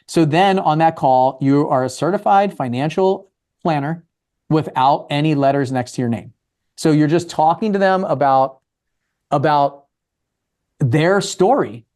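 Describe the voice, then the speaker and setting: A man from Maryland with a slightly high voice gives a casual talk on real estate. He keeps slipping into acted-out lines, playing both himself and the investors he talks to. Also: moderate pace, darkish tone. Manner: acts out both sides of conversations.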